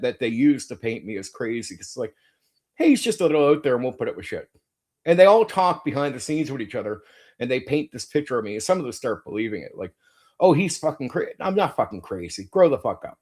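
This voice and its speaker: A man hosting his own stream, ranting in a defensive, indignant way, swearing constantly and stumbling over restarts. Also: medium pitch. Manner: profane, repetitive, frequent stammered restarts. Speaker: channel host. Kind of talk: heated livestream rant.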